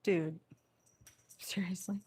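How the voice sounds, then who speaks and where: A woman's voice: lowish voice, steady tone, takes it slowly, warm tone, slightly rough. A woman at home filming her rescue cats on a tripod camera, teasing them playfully and laughing often as she talks to them. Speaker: cat rescue vlogger. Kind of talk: casual talk to cats during play. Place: indoor room with cats.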